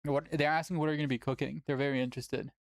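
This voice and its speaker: A tournament host chatting casually on a livestream, animated, laughing often and swearing casually. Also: medium pitch, rapid-fire, dry recording, studio quality.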